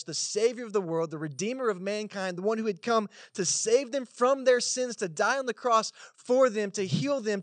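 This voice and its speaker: A man's voice: high voice, no echo. A man with a Texan accent preaching a sermon to his congregation in a casual, conversational way, with asides to the listeners. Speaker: pastor. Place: church service in a cinema auditorium.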